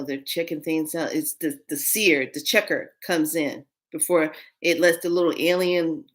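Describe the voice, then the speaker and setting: A middle-aged woman casually telling a story to her viewers, acting out the dialogue with big jumps in her voice. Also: lowish voice. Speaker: spiritual channel host.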